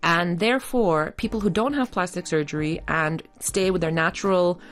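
Low-voiced woman musing aloud. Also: moderate pace. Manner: thoughtful, explaining ideas at length. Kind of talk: casual chat.

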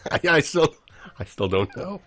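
Man radio co-host, from Oman, joking, very lively pitch, laughs often. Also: takes it slowly, no room sound, faint music behind. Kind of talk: casual radio chat.

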